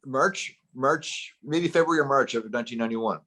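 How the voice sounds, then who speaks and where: A man's voice: mid-range voice, normal speed, sharp tone. A man co-hosting a casual podcast, gushing like a fan in loose run-on sentences. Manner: enthusiastic fan, talks in loose run-on bits. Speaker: podcast co-host.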